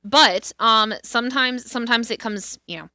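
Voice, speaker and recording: A woman co-hosting a podcast, talking bluntly and swearing freely as she chats. Her voice is bright and forceful, and the sound is dry and close. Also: fairly high pitch, normal speed, dry recording. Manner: blunt and candid, swears freely, many fillers and restarts. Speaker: podcast co-host. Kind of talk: casual podcast chat.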